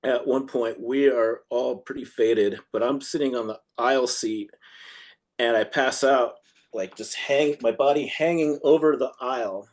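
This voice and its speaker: A man's voice: mid-range voice, unhurried. Rambling laid-back punk guitarist man. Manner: rambling, laughs often, acts out quotes. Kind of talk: casual storytelling interview.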